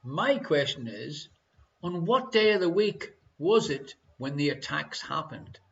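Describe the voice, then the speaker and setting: A man's voice: on the high side, very animated, a little slow, vocal fry, fairly bright tone. An Irish man hosting a live online quiz show from home, jokey and chatty, reading each question twice and bantering with his partner. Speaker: quiz host. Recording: dull lo-fi stream audio.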